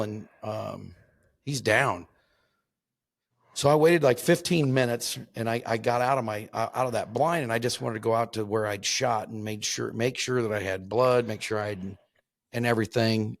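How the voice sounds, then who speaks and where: A man, hosting a hunting show, telling a hunting story in a rambling, halting way, with many restarts. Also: mid-range voice, no echo. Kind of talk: casual storytelling.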